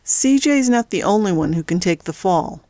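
A woman's voice: medium pitch, animated, moderate pace, dark tone, no room sound, close to an everyday voice. A woman voicing a cold, controlling male crime boss in a storybook reading.

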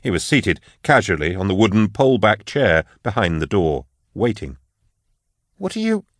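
A man reading scripted audiobook narration in a measured, even storytelling manner. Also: low-pitched, no echo, clean studio sound.

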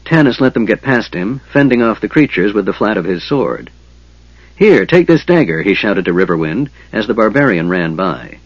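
With no echo in a dry, slightly dull recording, a man reads fantasy narration for an audiobook. His delivery is even and measured, and his voice is low and husky.

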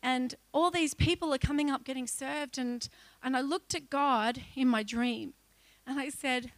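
A woman giving an emotional personal testimony as a church speaker, acting out her own pleas loudly as she tells the story. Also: sits high, a little slow, dry recording. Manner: emotional storytelling that breaks into loud pleading re-enactments.

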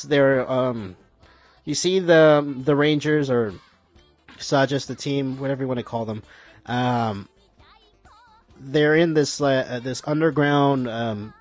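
A man in casual talk, recapping a show in a rambling, excitable way with lots of fillers and swearing. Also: fairly high pitch, dry recording. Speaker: podcast host.

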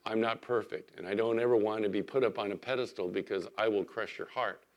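A man, a pastor, giving a sermon in church, telling everyday stories in a conversational way with lively emphasis. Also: fairly low pitch, fairly quick, muffled recording. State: recovering from illness.

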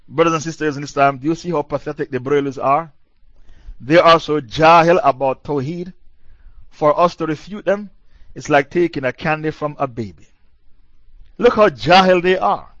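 A male Islamic preacher lectures on religion combatively and mockingly, repeating himself for emphasis. His voice is slightly high and a bit bright. The dull, lo-fi recording is dry, with no room sound.

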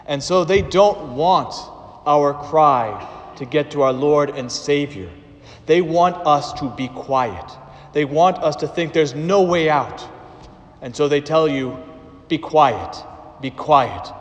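A man preaching a sermon as a priest, slow and deliberate with dramatic pauses, in a church. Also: fairly high pitch. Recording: church with long reverb.

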